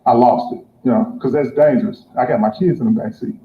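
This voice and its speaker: A man's voice: mid-range voice, fast. A man telling a conversational, exasperated stand-up story. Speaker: stand-up comedian. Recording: echoey, tinny phone-like audio with faint hiss.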